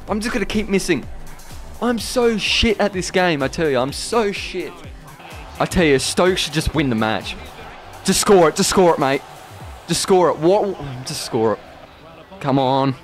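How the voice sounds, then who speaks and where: A man commentating his own football video game career, yelling at missed chances and then muttering in defeat. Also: fairly high pitch, slow, long pauses, faint music behind. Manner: excitable, swings between shouting at the game and deflated muttering. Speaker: gaming YouTuber. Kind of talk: gameplay commentary.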